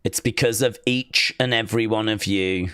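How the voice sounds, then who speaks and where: A man hosting a live watch-along stream, chatting in a rambling, excitable way and reading viewer comments aloud. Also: fairly low pitch, moderate pace, clean tone, no room sound, studio quality.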